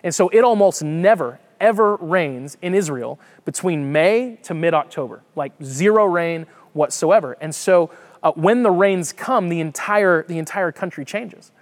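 A man's voice: on the high side, unhurried. A man preaching a conversational sermon, reading scripture and explaining it with frequent restarts. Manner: lively, conversational, repeats words while thinking. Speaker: pastor.

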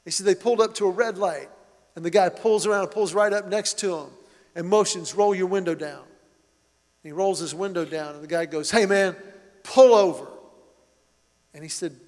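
Middle-aged male pastor, high voice, earnest emphatic sermon delivery, long hall reverb. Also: fairly even intonation, moderate pace.

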